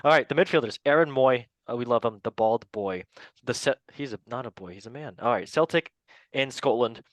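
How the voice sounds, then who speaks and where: A man's voice: medium pitch, brisk, dry recording, low-quality recording. A man hosting a casual football chat, playful and laughing often as he stumbles over player names. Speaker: podcast host.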